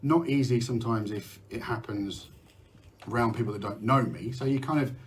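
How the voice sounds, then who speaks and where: A man's voice: mid-range voice, normal speed, slight background noise. A middle-aged man from the UK hosting a candid live talk about mental health, rambling, restarting sentences and swearing now and then. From United Kingdom. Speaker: host.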